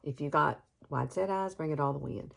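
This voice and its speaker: A woman's voice: deep voice, fairly quick, gravelly. A woman, chatting her way through a casual makeup tutorial with homey, rambling asides. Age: 50s. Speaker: beauty vlogger.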